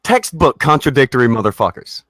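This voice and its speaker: A man on a livestream, ranting with a mocking, sarcastic edge and plenty of swearing. His voice sits at an ordinary middle pitch and sounds dry and close, with no room around it. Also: sing-song, brisk, a bit bright, no echo. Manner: mocking, sarcastic taunting with laughs. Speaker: livestream host. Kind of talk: profane livestream rant.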